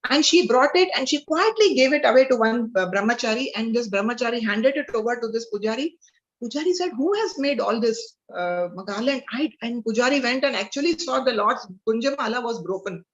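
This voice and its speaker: A woman's voice: fairly high pitch, lively intonation, fast talker. A woman with an Indian accent telling devotional stories in an earnest way, mixing in Hindi, speaking over a video call. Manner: earnest, mixes in Hindi, frequent fillers. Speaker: spiritual class speaker. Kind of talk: devotional storytelling talk. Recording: dull lo-fi video call audio.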